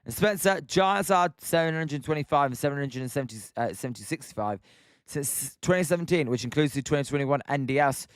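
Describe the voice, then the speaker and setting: A man's voice: on the high side, lively intonation, a little fast, no echo, studio quality. A young British man hosting a live stream, calling play-by-play and chatting with viewers by name. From Britain. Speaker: live stream host calling a baseball game. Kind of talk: live play-by-play commentary while reading chat.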